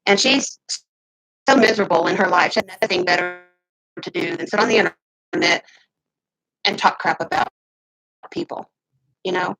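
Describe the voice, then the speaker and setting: A woman in her fifties venting heatedly to her camera, swinging between loud outbursts and muttered asides. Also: on the low side, normal speed, vocal fry, pauses often, poor audio. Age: 50s. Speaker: vlogger. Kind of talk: casual ranting to camera.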